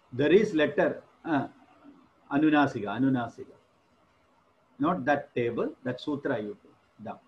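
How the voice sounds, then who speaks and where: Middle-aged malayali english prof lecturing, repeats stuff, chants sanskrit syllables, kinda dull lo-fi audio. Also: male voice, mid-range voice, slight background noise. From India. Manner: explanatory, repeats terms, chants Vedic syllables, checks understanding. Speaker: Sanskrit professor. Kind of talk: classroom lecture.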